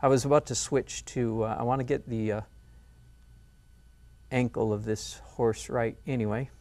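Male art instructor, middle-aged, animated demo-lesson delivery with self-mocking humor. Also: mid-range voice, moderate pace. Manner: animated, self-mocking, breaks into laughs and playful squeals. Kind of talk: painting demonstration lesson.

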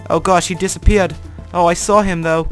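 A young man narrating his own gameplay, chatty and excitable, jumping from mumbles to panicked shouts. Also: high-pitched, normal speed, soft background music. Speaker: gaming channel host. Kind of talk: gameplay commentary.

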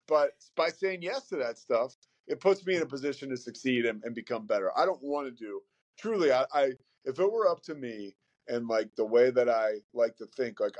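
A man's voice: medium pitch, a little mellow, dull audio. Candid rambling man guest. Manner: rambling, frequent fillers and swearing, candid. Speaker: podcast guest. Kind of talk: casual conversation.

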